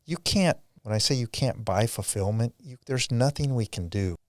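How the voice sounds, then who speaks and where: A man's voice: mid-range voice, lively intonation, dry recording, clean studio sound. Earnest, reflective male financial planner. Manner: earnest, reflective, gently halting. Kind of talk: conversational interview.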